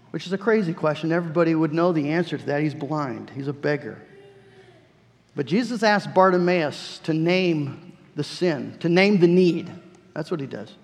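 Male pastor, earnest sermon delivery, repeats himself, gravelly tone, church echo. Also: fairly high pitch, moderate pace. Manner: earnest preaching with repeated phrases. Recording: long church reverb.

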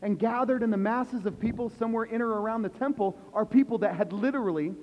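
High-voiced pastor preaching in a hall. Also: male voice, fast. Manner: asks the congregation questions, swings from hushed to loud emphasis. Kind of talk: sermon. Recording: echoey hall, dull lo-fi sound.

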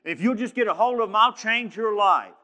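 A man's voice: high voice, brisk, pushed and bright. A man preaching a sermon in a fervent, emphatic way, often restarting his phrases. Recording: long hall reverb.

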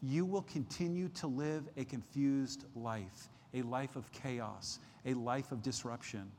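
A man preaching a midweek sermon as pastor, emphatic, rising in pitch and force at key points and often restarting phrases. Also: unhurried, a little mellow, long reverb tail, a little hiss or hum. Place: church sanctuary.

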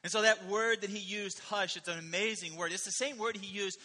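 Bright, forceful preacher in a reverberant hall. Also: male voice, high-pitched, a little fast. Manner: animated, emphatic preaching with rhetorical questions. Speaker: pastor. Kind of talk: sermon.

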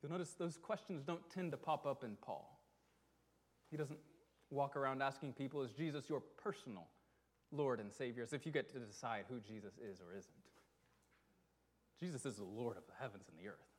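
Earnest man preaching a sermon. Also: mid-range voice. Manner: earnest, emphatic, with rhetorical questions and slowed stresses. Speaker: pastor.

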